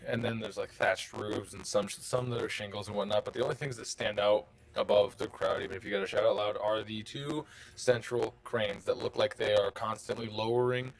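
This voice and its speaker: A man's voice: on the low side, gravelly. A man running a tabletop game, describing the scene in a rambling, casual way with lots of fillers. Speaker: game master.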